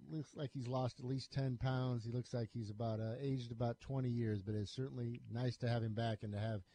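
Man, mellow warm tone, easygoing sports radio co-host, studio mic. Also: mid-range voice, steady tone, brisk. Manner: easygoing, teases his co-host and reads listener comments. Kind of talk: casual sports talk radio. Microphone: studio microphone.

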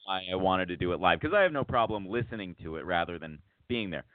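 On his podcast, a man tells a lengthy, rambling story, restarting many times and performing the quoted lines. His low voice is expressive and fast. The recording has no echo and sounds dry and tinny, like a phone.

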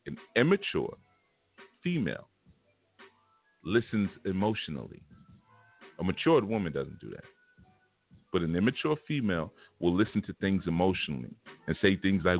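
A man with a very deep, low voice gives a casual spiritual lecture. He talks bluntly and punchily, and the sound comes through thin and phone-like over faint background music. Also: big pitch swings, brisk. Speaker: spiritual teacher.

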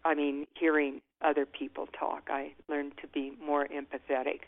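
A woman's voice: deep voice, flat delivery, moderate pace, vocal fry. Older woman on a tinny phone line. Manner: candid, reflective, often laughing softly. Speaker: guest author. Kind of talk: interview. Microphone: telephone.

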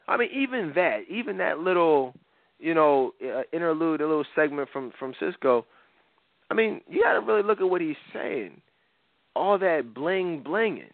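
A man talks as a show host in a loose, opinionated way, stumbling over repeated words as he goes. His voice sits a bit high for a man. The sound is thin and phone-like, with no room echo. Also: lively intonation, normal speed. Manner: blunt, rambling, repeats words, laughs often. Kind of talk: opinionated casual commentary. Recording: tinny phone-like audio.

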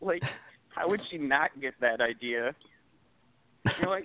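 A man's voice: mid-range voice, normal speed, long pauses, clean tone. A young man co-hosting a podcast, teasing and ribbing his friend in casual chat. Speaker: podcast co-host. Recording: dry tinny phone-like sound.

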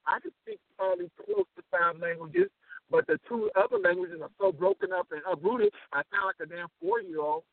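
A man co-hosting a casual political chat podcast, talking in a boastful, animated way with plenty of swearing. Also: high-pitched, fairly quick, creaky, dry recording. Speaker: podcast co-host. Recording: tinny phone-like sound.

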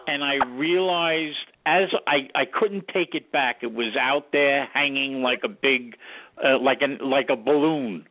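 Lively storytelling man on a tinny line. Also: mid-range voice, unhurried. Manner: animated storyteller who acts out quoted dialogue. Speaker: guest, former recording studio sound engineer. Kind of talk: casual anecdotal storytelling in an interview. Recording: tinny phone-like radio audio.

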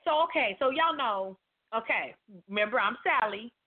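A woman's voice: on the high side, moderate pace. A woman hosting a casual podcast, telling a story animatedly and acting out the other people's voices. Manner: animated, acts out quoted voices. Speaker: podcast host. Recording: phone-like narrow sound.

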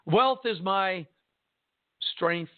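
A man preaching a sermon in a slow, emphatic and impassioned way, repeating his phrases for effect. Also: sits high, dry recording. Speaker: pastor. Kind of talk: sermon on radio broadcast. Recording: tinny phone-line broadcast.

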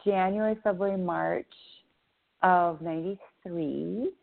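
A woman speaking slowly and haltingly on a radio chat show, with many fillers. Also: lowish voice, vocal fry. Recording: tinny phone-line audio.

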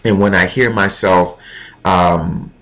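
A man hosting his own show, talking in a reflective, heartfelt monologue with pauses and fillers. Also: low-pitched, steady tone, a bit bright. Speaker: podcast host.

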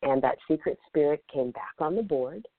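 Woman rambling through a story, gravelly voice, tinny phone sound. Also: deep voice, expressive, normal speed, no room sound. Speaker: podcast host. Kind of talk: casual storytelling. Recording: tinny phone line, dry.

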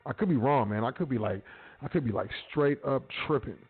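Male host, mid pitch, blunt slangy monologue, tinny phone-like line, soft music under it. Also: a little fast, husky. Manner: street slang, blunt, profane. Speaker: podcast host. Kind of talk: casual monologue.

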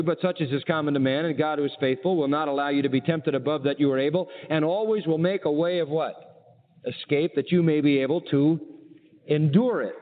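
A high-pitched man preaches with emphatic repetition and rhetorical questions. The recording is thin and phone-like, and his voice rings with a long hall echo. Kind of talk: sermon. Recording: tinny narrow-band archive sermon with long hall reverb.

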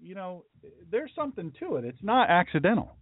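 A man's voice: high voice, sing-song, brisk, dry recording. A middle-aged man, a pastor, chatting casually on a livestream with folksy, rambling asides to his chat. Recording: dry, phone-like lo-fi audio.

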